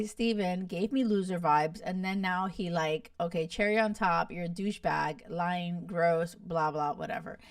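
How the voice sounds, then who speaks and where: A young woman hosting a podcast, chatting in an animated, gossipy and blunt way with lots of swearing. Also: mid-range voice, no echo, studio quality, recorded from a distance. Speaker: podcast host. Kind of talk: casual chat reacting to a reality show.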